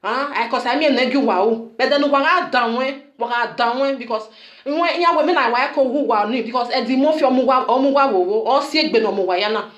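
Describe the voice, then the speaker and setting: Woman vlogger, Nigerian Pidgin accent, high and scolding, in a roomy echo. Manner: scolding, repetitive, rhetorical "huh?". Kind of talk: scolding video message.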